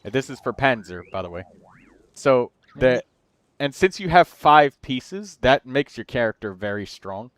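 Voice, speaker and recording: A man's voice: medium pitch, sing-song, a bit bright, clear, resonant tone, dry recording, clean studio sound. A man hosting a game livestream, chatting casually and rambling through build advice. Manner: chatty, rambling, quick asides to chat.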